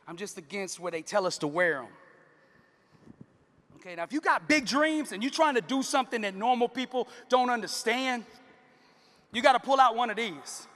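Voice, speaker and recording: High, bright-voiced keynote preacher. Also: male voice, lively intonation, normal speed, pauses often. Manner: emphatic, call-and-response with the crowd. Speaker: motivational keynote speaker. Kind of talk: preacher-style motivational speech. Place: large conference hall. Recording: long reverb of a conference hall.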